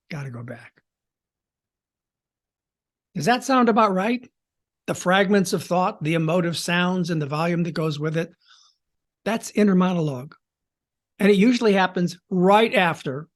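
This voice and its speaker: This podcast host, a man, works as a storytelling coach and his voice sits high. His teaching is theatrical, full of dramatic pauses and changes in pace and loudness.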